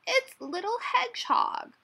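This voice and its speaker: A woman voicing a kindly, fussy male badger in a storybook, exclaiming loudly. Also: very high voice, big pitch swings, measured pace, creaky, voice pushed up, full character voice. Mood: fussing. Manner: fussing, exclaiming.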